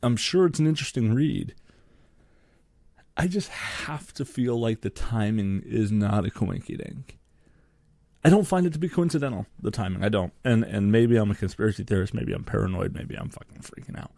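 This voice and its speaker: A man's voice: lowish voice, expressive, normal speed, creaky, warm tone, no echo. A young man, co-hosting a podcast and ranting sarcastically about sports, swearing freely. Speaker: podcast co-host. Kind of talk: solo sports podcast rant.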